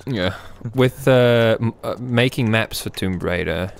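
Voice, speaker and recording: A man with an Irish accent chatting casually while playing a retro game, cursing and shouting at it. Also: lowish voice, unhurried, creaky. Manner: sweary, excitable outbursts while playing. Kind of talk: casual gaming chat.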